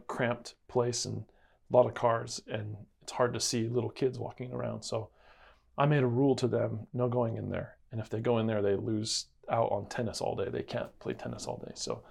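A man's voice: medium pitch, vocal fry, breathy edge. A man co-hosting a casual Bible-study chat, telling a story earnestly. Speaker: co-host.

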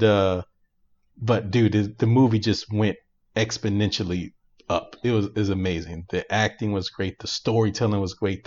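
Man, podcast co-host, casual movie recap, animated, filler-heavy, deepish voice, muffled lo-fi sound. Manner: animated storyteller, laughs often, many fillers.

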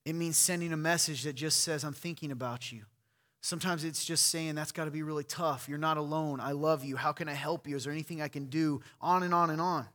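Man, pastor, sermon, conversational, pointed, slightly high pitch. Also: fairly even intonation, a little fast, bright, forceful tone. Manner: conversational preaching, direct and pointed.

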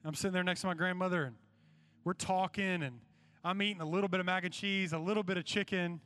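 A man's voice: high-pitched, fast, a bit bright, smooth, faint music behind. A young man preaching a sermon to students, telling a personal story and then making an urgent appeal. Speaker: youth preacher.

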